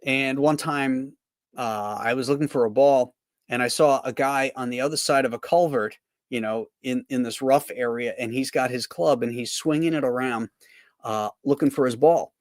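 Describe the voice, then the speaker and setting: Brief: male cartoonist rambling through anecdotes on a livestream, mid-pitched voice, dry close sound. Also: normal speed, no room sound. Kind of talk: casual livestream chat.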